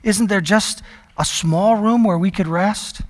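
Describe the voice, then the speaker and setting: High-voiced preacher in a reverberant hall. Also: male voice. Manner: storytelling preacher, slows down for emphasis. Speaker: pastor. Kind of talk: sermon.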